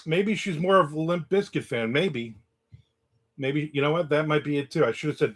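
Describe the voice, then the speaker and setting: Hosting a casual live stream in the American South, a man recounts a story and reads out what viewers write in the chat. He speaks at a moderate pace in a fairly high voice.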